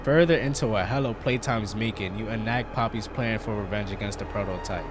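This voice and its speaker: A man hosting a gaming channel, talking excitably through a let's play and calling everyone "bro". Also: lowish voice, a little fast, hardly any pauses. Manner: excitable, chatty, says "bro" constantly. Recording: beat music under voice.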